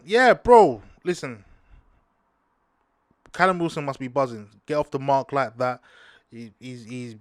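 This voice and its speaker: A young man, hosting a casual football talk show, slangy and animated, breaking into outraged high-pitched rants. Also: clean tone, dry recording, studio quality. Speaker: football podcast host. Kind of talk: casual sports talk monologue.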